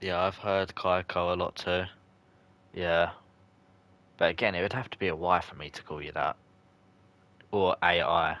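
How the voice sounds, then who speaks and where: A young man, streaming live, commenting on the match and chatting with viewers, breaking into shouts at close chances. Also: low voice, level tone, normal speed, long pauses, highs cut off. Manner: chatty, bursts into shouts at near misses. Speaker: gaming streamer. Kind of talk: live gameplay commentary and chat reading.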